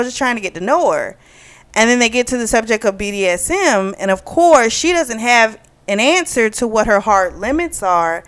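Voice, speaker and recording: A woman's voice: mid-range voice, a bit bright, clean tone. A woman hosting a book club channel, giving a chatty, opinionated review full of fillers.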